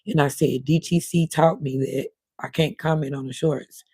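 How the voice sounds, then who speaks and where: A middle-aged woman chats loosely with her livestream viewers, wandering from one thing to the next. Her voice is warm and relaxed and keeps cutting in and out. The sound is dry and close. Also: sits low, moderate pace, breathy edge, no echo. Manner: rambling, talks to viewers in chat. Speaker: livestream host. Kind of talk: casual livestream chat.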